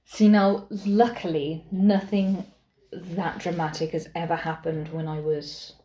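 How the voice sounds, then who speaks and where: A young woman co-hosting a podcast, speaking in casual chat, unhurried and hesitant with many fillers. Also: lowish voice, level tone, warm tone. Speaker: podcast co-host. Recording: roomy echo.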